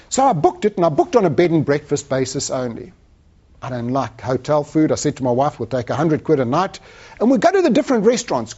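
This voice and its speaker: A man's voice: on the high side, dull audio. A man giving a motivational talk as a sales trainer, telling stories and acting out the dialogue. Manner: animated storyteller acting out dialogue.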